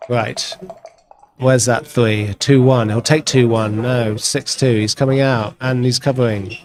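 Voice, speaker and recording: A man's voice: mid-range voice, steady tone, slow, long pauses, a crowd in the background. Man giving wry backgammon commentary. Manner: chatty, wry, given to playful exclamations.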